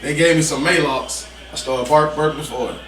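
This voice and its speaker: A man telling a story in a casual, animated way, repeating himself for emphasis, as a podcast guest. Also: a little high, moderate pace, over music. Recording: roomy, distant mic with background noise.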